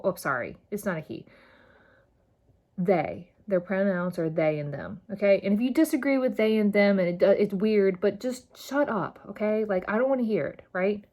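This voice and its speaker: A woman in her thirties hosting a solo podcast, talking straight to her listeners. She rambles and gets fired up, hitting words hard when she cares about them. Her voice sits at an ordinary middle pitch. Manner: impassioned, rambling, emphatic. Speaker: podcast host. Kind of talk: casual solo podcast monologue.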